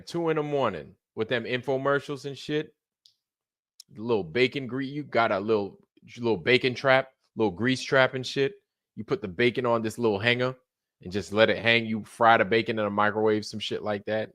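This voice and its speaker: A man's voice: on the low side, brisk, fairly bright tone, no echo, studio quality. A man hosting a livestream, chatting casually with joking, profane banter. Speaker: livestream host. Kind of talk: casual chat.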